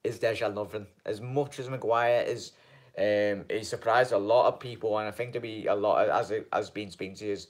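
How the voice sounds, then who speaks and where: A man's voice: on the low side, steady tone. A man hosting a fan channel live stream, chatting casually and rambling through viewers' comments with lots of ums and "mate". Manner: rambling and halting, many ums, keeps calling viewers mate.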